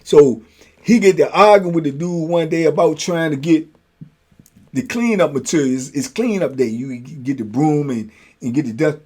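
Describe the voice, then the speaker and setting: Guy telling prison stories, laid back, slangy, laughs a lot, kinda higher voice. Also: normal speed, breathy edge. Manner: animated, slangy, laughs often, keeps asking "you know what I'm saying". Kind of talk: casual storytelling.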